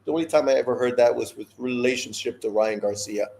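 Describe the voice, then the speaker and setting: A Canadian man hosts a live boxing watch-along, delivering blunt, profane, opinionated rants and swearing freely between fight talk. He has a mid-range, creaky, darkish voice and talks fast.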